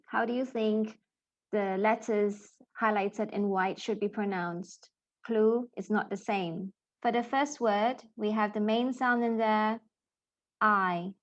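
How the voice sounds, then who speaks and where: Woman in her 30s doing a pronunciation lesson, talks real slow and careful, kinda dull lo-fi sound. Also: medium pitch. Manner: deliberate, clearly enunciated model sounds. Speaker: English pronunciation teacher.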